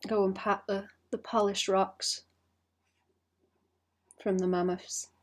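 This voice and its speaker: A woman with a British accent who chats casually and rambles while she draws on a live stream, often trailing off into quiet muttering and poking fun at herself. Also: medium pitch, level tone, slow pace. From Britain. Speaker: streaming artist.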